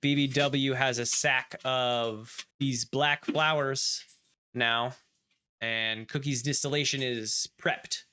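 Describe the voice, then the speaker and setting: A man narrating a tabletop role-playing game as game master, talking in quick, lively bursts with frequent restarts. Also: medium pitch, clear, resonant tone.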